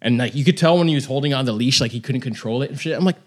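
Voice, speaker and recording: A man's voice: medium pitch, racing. A young man telling stories in casual chat, loose and full of fillers and swearing.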